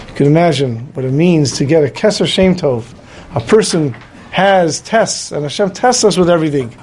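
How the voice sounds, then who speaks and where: Man, high voice, storytelling sermon, acts out characters, faint noise behind. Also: moderate pace. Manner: lively storyteller acting out voices. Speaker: rabbi. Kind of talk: storytelling Torah class.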